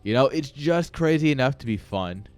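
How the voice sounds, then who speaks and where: A man's voice: mid-range voice, animated, moderate pace, no room sound, faint music behind. A man casually commentating a live video game match, ranting and joking while chatting with viewers. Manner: rambling, ranting, jokey, chats with viewers. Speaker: esports caster and streamer.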